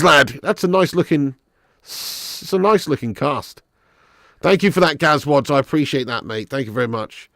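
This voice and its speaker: A man hosting a live football watch-along, chatting casually and reading viewer comments. He is animated, swears freely and laughs often. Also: medium pitch, moderate pace, gravelly, no room sound, studio quality.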